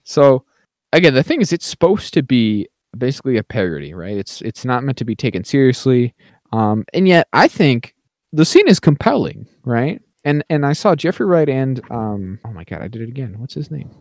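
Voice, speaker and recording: Dude co-hosting a movie podcast, rambly, keeps going "like I said", dry mic. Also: male voice, medium pitch, big pitch swings, normal speed, darkish tone, no room sound. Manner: chatty, keeps saying "like I said" and "right?". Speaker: podcast co-host. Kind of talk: casual film discussion.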